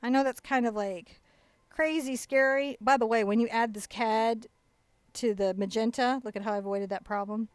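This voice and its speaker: A woman's voice: fairly high pitch, fairly even intonation, normal speed, dry recording. A woman hosting a live painting tutorial, chatty and playful, guiding step by step. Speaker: painting instructor and host. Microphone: new headset-style mic.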